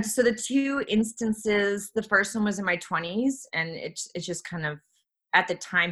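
A woman in her forties, an actress telling candid stories in conversation, animated, with frequent restarts. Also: lowish voice. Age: 40s. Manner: animated, restarts often, acts out quoted people. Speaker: actress guest.

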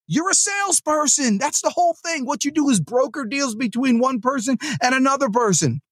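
A man hosting a sales podcast, giving an energetic, joking pep-talk monologue into a close mic. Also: very high-pitched, brisk, husky, dry recording.

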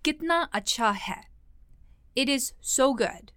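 A woman teaching a language lesson, explaining words and phrases in a clear, explanatory way. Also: sits high, animated, slow, a bit bright, no echo, studio quality.

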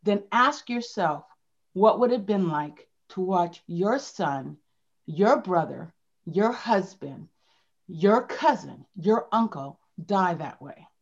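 A woman's voice: fairly low pitch, expressive, slow pace. A woman speaking as a sales leader guest in a conversational interview, emphatic and repeating her key phrases. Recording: dull lo-fi sound.

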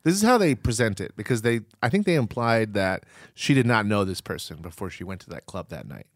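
A man's voice: fairly low pitch, lively intonation, brisk, no room sound, studio quality. A man co-hosting a podcast, riffing in a sarcastic, jokey way in casual conversation. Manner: sarcastic, riffing with absurd jokes. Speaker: podcast co-host. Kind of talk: casual comedic chat.

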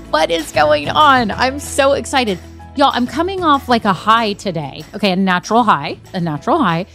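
A woman's voice: medium pitch, no echo, clean studio sound. Bubbly woman hosting a podcast. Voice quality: bubbly, emphatic, animated. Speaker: podcast host. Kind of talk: upbeat business podcast monologue.

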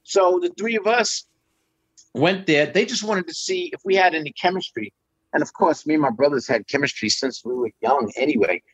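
A middle-aged man casually telling an anecdote as a guest, animated and acting out quotes with jumps in pitch. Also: moderate pace, breathy edge, no echo, dull audio. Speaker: guest storyteller.

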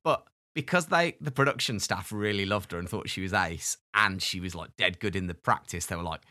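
Bright-voiced chatty podcast co-host man. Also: low voice, brisk. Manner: chatty, laughing, storytelling. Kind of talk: casual chat.

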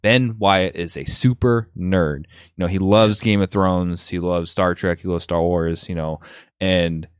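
Casting: very low-pitched man, rambling enthusiastic podcast host, dry close mic. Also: fairly even intonation, unhurried, clean tone, dry recording. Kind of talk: casual chat.

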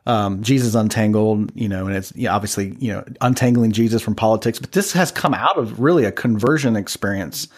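A man's voice: on the low side, fairly quick, few pauses. A man hosting a podcast, asking searching questions with frequent halts. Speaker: podcast host. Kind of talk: interviewing.

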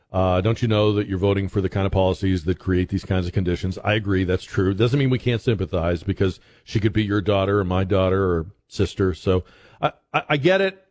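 A man with a fairly low voice hosts a talk radio show from a studio microphone. He talks through the day's stories in a loose, conversational way, often stopping to restart his sentences. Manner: conversational, halting with fillers and restarts.

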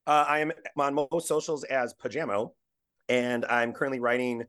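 A man guesting on a podcast, slightly hoarse after losing his voice, who rambles and restarts his sentences. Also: mid-range voice, steady tone, moderate pace, a bit bright. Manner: rambling, stops and restarts often. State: recovering from lost voice. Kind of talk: casual chat.

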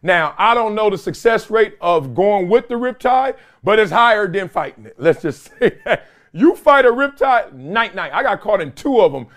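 A middle-aged man hosting a sports talk show, giving casual, animated commentary and acting out other voices in quoted bits. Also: high-pitched, moderate pace. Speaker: show host.

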